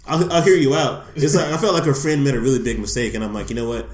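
A man co-hosting a casual chat podcast, bantering with quick, excitable energy. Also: medium pitch. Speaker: podcast co-host. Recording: roomy echo.

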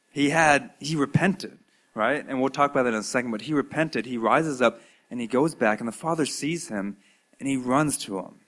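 A man preaching a sermon, retelling a parable with acted-out voices and big swings from loud to hushed. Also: mid-range voice. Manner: storytelling, acts out voices with lively swings in loudness. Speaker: pastor.

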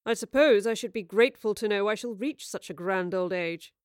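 A woman performs a proud, sharp-tongued young gentleman who speaks in formal, cutting phrases. Smooth, clear voice, dry and close to the mic. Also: high-pitched, brisk, dry recording, close to an everyday voice. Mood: cold.

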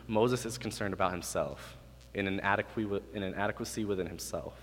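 Young guy preaching in a big echoey hall, lowish voice, gets loud and animated then drops quiet. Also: a little fast, a little hiss or hum. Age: 20s. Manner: animated, swings from quiet to loud and high when acting out God's lines. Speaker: youth pastor. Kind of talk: sermon. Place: hall with an audience. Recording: reverberant hall.

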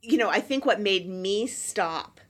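Animated, laughing woman chatting. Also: medium pitch, unhurried. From Southern United States. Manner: animated storyteller, laughs often. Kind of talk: casual chat.

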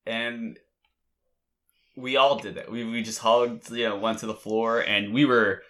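A man's voice: medium pitch, level tone, a little slow, bright, forceful tone. A man in casual conversation, telling an emotional, rambling story with many restarts. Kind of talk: casual chat.

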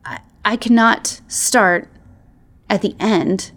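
A woman voicing a wounded fox stranger, ragged and halting. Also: medium pitch, fairly even intonation, a bit bright. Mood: pleading, ragged. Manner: halting, breathless pleading.

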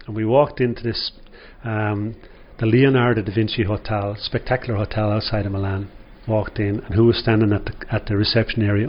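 Older irish guy rambling through old football stories, lots of "you know", dull recording with a bit of hiss behind. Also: fairly low pitch. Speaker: former footballer guest. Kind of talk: storytelling interview.

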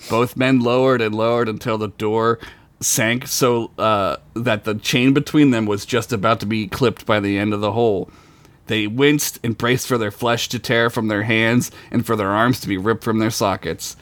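A man narrating a tabletop game as game master, telling the story with animated delivery. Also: fairly low pitch, normal speed, no echo.

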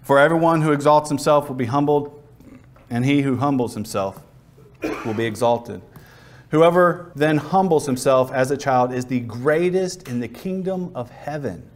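A man's voice: mid-range voice, normal speed, a little hiss or hum. A man preaching a sermon who tells Bible ideas as vivid, acted-out stories. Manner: vivid storytelling, acts out scenes.

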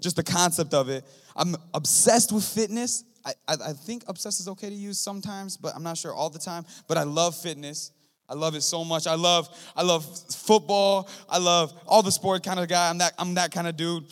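A young man giving his first sermon in a church, excited, rambling and joking with the congregation. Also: high voice, normal speed. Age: young adult. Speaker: guest preacher. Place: church sanctuary. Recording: long hall reverb.

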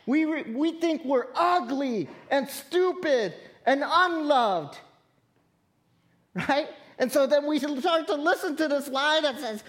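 Slow-spoken woman pastor preaching. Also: sits high. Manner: earnest, conversational preaching with direct appeals to the congregation. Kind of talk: sermon.

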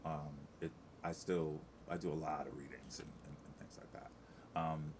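Middle-aged man, very low voice, rambling chatty guest with faint hiss behind. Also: flat delivery, moderate pace. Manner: chatty, rambling with many restarts and fillers. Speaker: Broadway actor, guest. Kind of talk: casual interview chat.

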